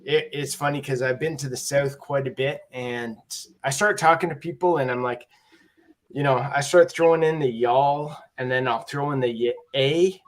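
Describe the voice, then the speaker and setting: A man's voice: mid-range voice, fairly even intonation, moderate pace. A man from Ontario with a Canadian accent, chatting casually on a live stream with a rambling, laughing delivery. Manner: rambling, laughing, many fillers. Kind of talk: casual chat.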